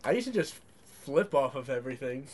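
A man's voice: medium pitch, very animated, a little fast, a little mellow, slightly rough. A man in casual chat, cracking jokes and making crude asides.

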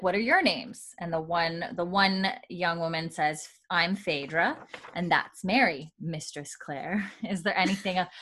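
Woman, casual podcast host, slightly low voice, retells scenes with quoted lines, lots of fillers, laughs often. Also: a bit bright. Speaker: podcast host recapping a TV episode. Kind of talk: casual chat.

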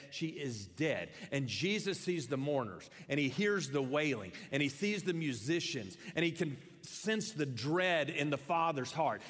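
Middle-aged man, pastor preaching, fairly high voice, chatty and stumbling, long hall reverb. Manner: animated, conversational preaching with many restarts. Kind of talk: sermon.

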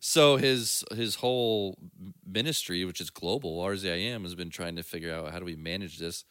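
Male co-host, deep, crisp bright tone, rambling storyteller. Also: moderate pace, no echo, clean studio sound. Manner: storytelling, laughs easily, trails off with fillers. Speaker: podcast co-host. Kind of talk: casual chat.

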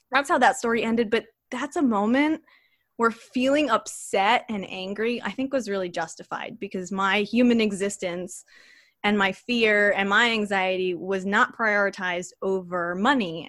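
A young adult woman telling a personal story as a podcast guest, in a chatty, animated way with many fillers. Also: fairly high pitch, no echo, clean studio sound. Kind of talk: casual storytelling.

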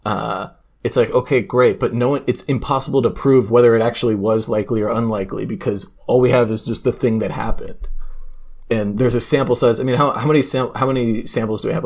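A man's voice: lowish voice, a little mellow, breathy edge. A man telling stories and arguing in a casual podcast chat, rambling with restarts and laughter.

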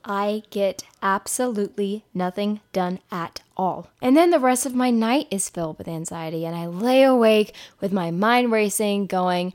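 A woman's voice: mid-range voice, moderate pace, hardly any pauses, darkish tone. A young woman talking candidly on her solo podcast, casual and frank, swearing now and then. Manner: candid, swears casually, breaks into silly singing. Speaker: podcast host.

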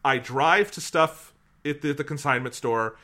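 A man hosting a podcast, telling a long story in an animated, casual way and swearing freely. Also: fairly high pitch, a little slow. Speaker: podcast host.

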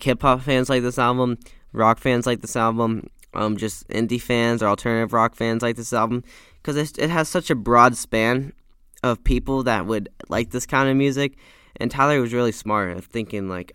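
A man's voice: mid-range voice, a bit bright, clear, resonant tone, no echo, studio quality. A man casually reviewing an album track by track, talking with rambling enthusiasm into a microphone with a pop filter. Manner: enthusiastic, rambling, self-correcting. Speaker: music reviewer. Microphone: studio mic with pop filter.

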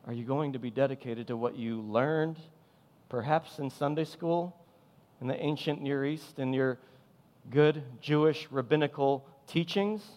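A man's voice: medium pitch, unhurried, darkish tone. A man preaching a sermon as pastor, impassioned and emphatic, driving points home with repeated phrases. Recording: long hall reverb.

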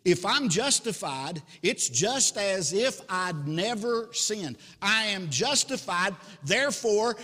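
A man preaching a sermon as pastor, slow and emphatic, repeating key words. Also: high-pitched, animated, sharp tone, long reverb tail.

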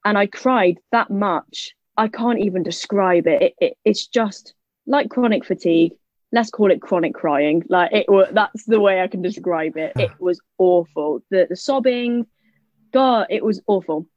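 A woman's voice: medium pitch, a little mellow, no echo. A young woman, talking as an interview guest. She tells her story in a chatty, rambling way, with plenty of "like" and "literally". The recording is dry and a little dull. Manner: chatty storytelling, quick asides, many "like" and "literally" fillers. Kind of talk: casual interview chat.

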